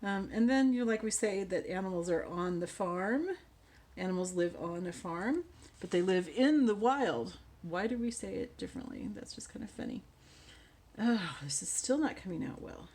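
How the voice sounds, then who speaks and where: A woman hosting a casual crafting tutorial, chatting and thinking aloud as she works, often dropping to quiet mutters. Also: mid-range voice, lively intonation, moderate pace.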